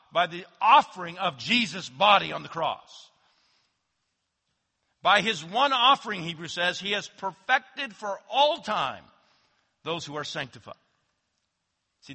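A man preaching a sermon as pastor, swinging from loud emphatic declarations to hushed low asides. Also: gravelly, breathy edge. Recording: long hall reverb.

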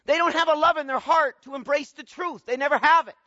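A man delivers an expository sermon in a high, bright voice. He moves between quiet, low-voiced explanation and loud, emphatic bursts. The sound is slightly muffled and carries a long reverb from a large hall. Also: brisk. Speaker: preacher.

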